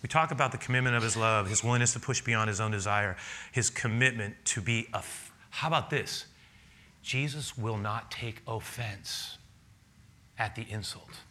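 A man preaching a sermon, telling a personal story with lively laughter and acted-out dialogue. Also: on the low side, normal speed, slight background noise. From a city. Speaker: pastor.

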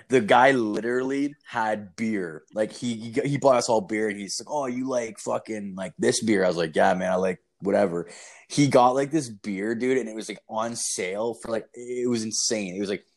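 A man's voice: fairly low pitch, normal speed. A man, swearing constantly as he tells rambling stories in a casual chat. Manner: profane, animated storytelling.

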